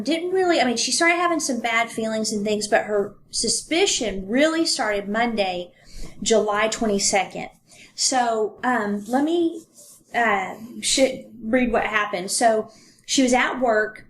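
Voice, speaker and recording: A woman's voice: on the high side, a little hiss or hum. A woman co-hosting a podcast, casually retelling a true-crime story and reading passages aloud with ums and fillers. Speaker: podcast co-host.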